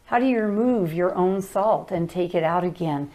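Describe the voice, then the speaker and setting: A woman's voice: on the low side, normal speed, mellow. An older woman co-teaching a marriage course, explaining in an earnest way.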